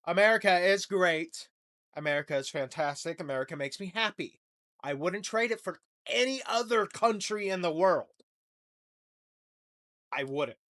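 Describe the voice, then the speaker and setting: A man's voice: high-pitched, expressive, normal speed, long pauses, fairly bright tone. A young man hosting a comedy podcast, rambling through a profane, jokey monologue. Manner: rambling, profane, jokey rants with mock voices.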